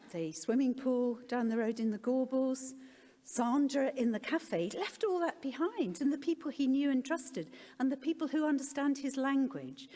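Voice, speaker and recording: Middle-aged woman, lively, in an echoing hall. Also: sits high. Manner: candid, with wry self-deprecating humour. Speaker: conference speaker, parent. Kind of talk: personal talk at a conference. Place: conference hall. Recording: long reverb of a large hall.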